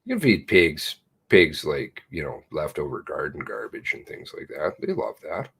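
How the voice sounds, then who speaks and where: Deep, slow, swooping male streamer. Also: huge pitch swings, creaky, fairly bright tone, breathy edge. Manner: meandering, reads viewer comments and emails aloud; blunt, swears casually. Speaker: livestream host. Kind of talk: rambling live chat.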